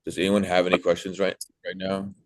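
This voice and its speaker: A young man giving casual sales coaching, animated, acting out sales calls in a bright put-on voice. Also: low-pitched, a little fast. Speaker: sales trainer.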